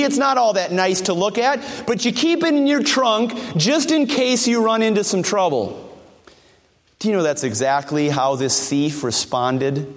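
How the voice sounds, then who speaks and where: A male pastor preaches a sermon and keeps asking his congregation direct questions. His voice is notably high for a man. A long reverb rings after his phrases, as in a large church sanctuary.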